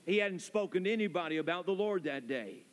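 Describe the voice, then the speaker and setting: A man's voice: high voice, expressive, brisk. A man preaching a sermon as pastor, building emphasis through repetition. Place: church sanctuary. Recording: long reverb of a church hall.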